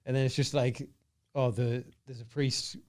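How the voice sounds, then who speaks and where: A young man with a Teesside accent talks as a podcast guest, his pitch plain and ordinary. He rambles loosely, piling up fillers and swearing freely. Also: little pitch movement, normal speed, a little mellow. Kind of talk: casual podcast chat.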